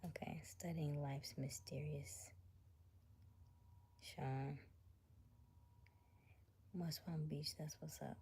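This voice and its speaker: Low breathy lady whispering asmr on a livestream, reading chat real soft. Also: steady tone, very slow, long pauses. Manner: soft whisper, reading viewer comments aloud. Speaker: livestream host.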